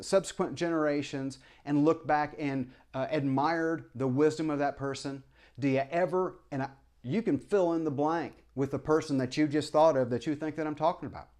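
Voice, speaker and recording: A man's voice: a little high, a little mellow. A man, a former preacher, in a rambling opinion monologue to camera. He stumbles through many restarts and apologies and fires off impassioned rhetorical questions. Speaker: vlogger.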